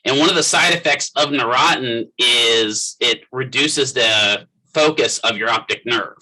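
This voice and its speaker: Husky middle-aged male instructor, very bright tone, casual classroom lecturing, quizzes students. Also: mid-range voice, measured pace, poor audio. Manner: conversational, quizzes the class by name. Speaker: physical therapist assistant instructor.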